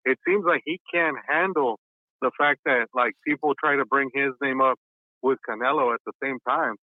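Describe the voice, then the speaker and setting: A man calling in to a show, chatting casually, halting and correcting himself with many ums. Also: mid-range voice, no echo. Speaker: caller. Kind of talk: casual chat. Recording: tinny phone line.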